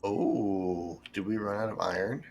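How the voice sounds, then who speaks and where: A man streaming a building game, thinking aloud in relaxed commentary as he sorts items and plans what to build. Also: deep voice, unhurried, vocal fry, slight background noise. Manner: thinks aloud, with fillers and restarts. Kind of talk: casual gameplay commentary.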